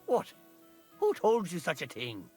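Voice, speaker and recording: An actor playing a sly, greedy male knacker villager with an Irish accent and a gruff, bargaining drawl. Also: on the high side, huge pitch swings, unhurried, mellow, soft background music. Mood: wary.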